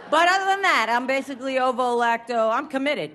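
A woman's voice: high voice, lively intonation, fairly quick, a bit bright, a faint crowd, slight background noise. A woman doing a stand-up set on a stage, rambling through self-deprecating asides with mock-formal phrasing. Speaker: stand-up comedian. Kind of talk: stand-up set before a live audience. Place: live music venue stage.

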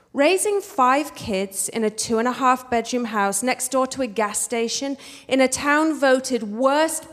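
A woman's voice: fairly high pitch, in a large hall. Wry English woman telling a stage story. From England. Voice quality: wry, expressive, switches between posh and street voices.

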